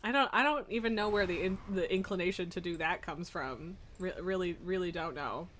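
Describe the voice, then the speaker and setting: A woman's voice: fairly low pitch, fairly quick, a bit bright, slight background noise. A woman streaming a video game, chatting casually, laughing often and swearing freely while she plays. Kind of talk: casual live-stream chat.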